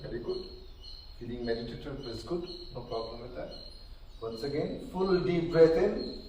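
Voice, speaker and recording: Man guiding yoga breathing, echoey hall. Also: medium pitch. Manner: calm, counting slowly, gently checking in. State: slightly out of breath. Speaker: yoga instructor. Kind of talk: guided breathing instruction. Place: large hall at a live session. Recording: very echoey hall, distant mic, faint noise.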